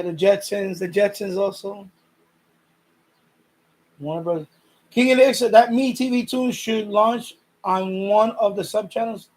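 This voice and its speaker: High-voiced man rambling on a stream. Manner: rambling, repeats himself, reads viewer comments aloud. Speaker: live stream host. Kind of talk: casual chat with live viewers.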